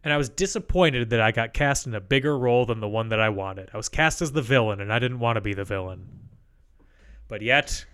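A man co-hosting a podcast over a remote call, telling rambling stories with deadpan asides. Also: mid-range voice, fairly quick, clean tone. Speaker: podcast co-host. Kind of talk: casual chat. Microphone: remote call mic.

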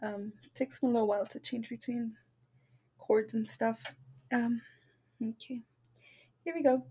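Young woman rambling on her home podcast mic, kinda breathy, higher voice, nervous and apologizing a lot. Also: fairly even intonation, unhurried, mellow. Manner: nervous, self-conscious, giggly, apologetic. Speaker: podcast host. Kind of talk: casual solo podcast chat. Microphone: home microphone.

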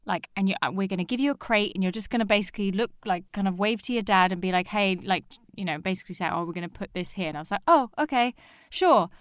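Lively storytelling young woman, dry close mic. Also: mid-range voice, racing, hardly any pauses, no room sound. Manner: animated storyteller, acts out quotes. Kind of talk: casual chat.

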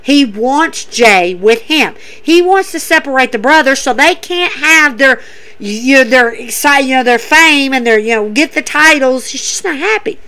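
A woman's voice: high voice, lively intonation, normal speed, sharp tone. A woman casually recapping wrestling episodes, enthusiastic and repetitive, with many fillers.

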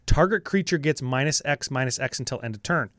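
A man co-hosting a casual card-game chat, reading rules text quickly with upbeat asides. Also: mid-range voice, animated, a bit bright, no room sound.

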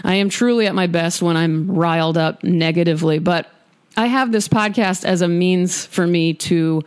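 A woman's voice: lowish voice, moderate pace, smooth. A woman podcast host in her studio, chatting candidly and emphatically between poetry readings. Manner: candid, emphatic, self-deprecating. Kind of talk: casual chat and poetry reading.

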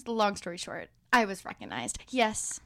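A woman's voice: mid-range voice, big pitch swings, normal speed, vocal fry, no echo. A young woman in her twenties co-hosting a casual podcast, telling stories with lots of laughter and acting out what people said. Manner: bubbly storyteller, laughs often, acts out quotes. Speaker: podcast co-host. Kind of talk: casual chat.

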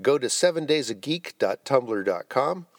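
Man, podcast host, chatty announcements, mid pitch, lively delivery. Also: normal speed, dry recording, studio quality. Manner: chatty, spells out web addresses. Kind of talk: reading show announcements.

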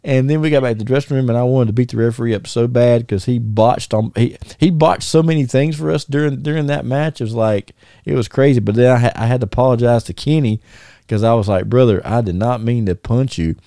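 A man's voice: mid-range voice, fast talker, no room sound, studio quality. A man casually telling old wrestling stories, laughing often and restarting his sentences. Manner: animated, laughing, many restarts and fillers. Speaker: former wrestler, podcast guest. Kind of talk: casual storytelling chat.

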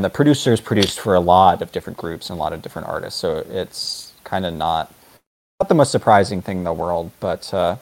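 A man appearing as a podcast guest, chatting casually and hesitantly with many fillers. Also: sits low. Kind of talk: casual chat.

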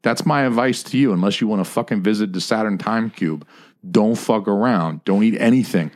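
A man co-hosting a podcast in loose, rambling chat. He jokes and swears constantly. His voice sits a little on the low side. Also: fairly quick. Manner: profane, joking, rambling. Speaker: podcast co-host.

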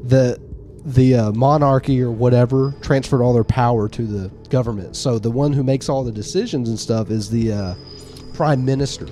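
A man's voice: medium pitch, moderate pace, dark tone. A man co-hosting a podcast, chatting casually in a group and rambling through stories and jokes. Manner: rambling storyteller, tells jokes. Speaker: podcast co-host.

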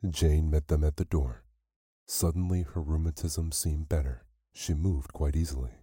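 A man reading a classic short story aloud as a bedtime storyteller, calm and measured. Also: a bass voice, slightly rough, no echo, studio quality.

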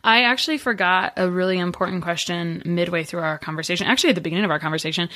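A woman's voice: lowish voice, very fast, pushed and bright. A woman hosting a podcast interview, chatty and playfully teasing her guest. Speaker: podcast host. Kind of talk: casual interview chat.

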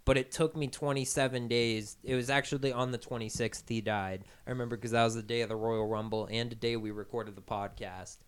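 A man's voice: mid-range voice, fairly even intonation, a little fast, hardly any pauses, smooth. A man co-hosting a casual podcast, rambling and repeating himself as he talks. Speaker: podcast co-host.

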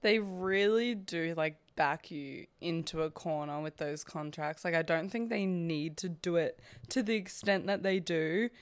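A woman's voice: fairly low pitch, unhurried, hardly any pauses, clear, resonant tone. A young woman hosting a podcast in casual chat, talking freely with lots of "like" fillers. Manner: chatty, many "like" fillers. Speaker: podcast host.

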